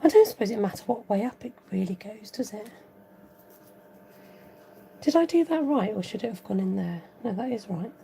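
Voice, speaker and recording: Here a woman talks at a moderate pace in a warm, expressive, medium-pitched voice with vocal fry and frequent pauses, over a faint hiss or hum. It's relaxed crafting chat: she demonstrates papercraft at home, giggling and talking as she goes.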